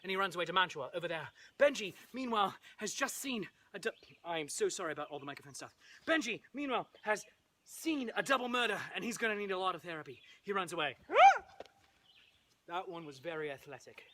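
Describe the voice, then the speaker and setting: A playful man acts out a classic play for laughs, his voice leaping across a wide range with a bright, forceful tone. He keeps up a stream of asides and silly sound effects. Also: sits high, lively intonation, fast. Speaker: comedic Shakespeare performer. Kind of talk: comic storytelling with props.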